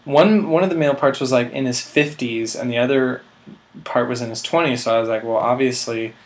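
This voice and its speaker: A man's voice: mid-range voice, brisk. A man in his twenties telling a rambling, self-mocking comic story, full of filler words. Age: 20s. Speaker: vlog host.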